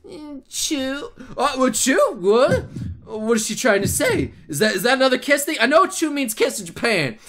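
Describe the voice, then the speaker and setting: A man giving excitable let's play commentary, laughing and swearing through his reactions. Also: extremely high pitch, normal speed. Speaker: gaming channel host.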